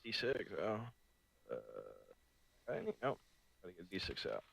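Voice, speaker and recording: A man's voice: fairly low pitch, wildly swooping pitch, a little fast, creaky, fairly bright tone, slight background noise, low-quality recording. A man playing a tabletop game, laid-back, swearing casually and counting dice rolls aloud. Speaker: player.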